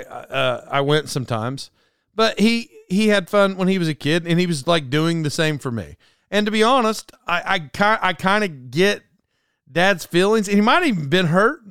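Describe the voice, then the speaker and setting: A man hosting a comedy podcast alone, rambling through an animated monologue, often stopping and restarting mid-sentence. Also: high-pitched, clean tone, dry recording, clean studio sound. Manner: rambling, self-interrupting, animated. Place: alone in a room.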